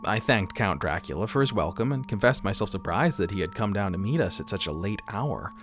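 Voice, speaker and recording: A man's voice: on the low side, animated, fairly quick, background noise. A man narrating a first-person horror story in a dramatic, wry scripted telling.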